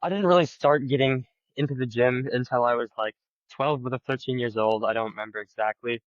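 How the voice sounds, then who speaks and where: A teenage boy from Minnesota answering interview questions in a relaxed way, with lots of fillers like "like" and "um". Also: medium pitch, a little fast, no echo, lo-fi sound. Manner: relaxed, filler-heavy, says "like" a lot. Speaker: guest.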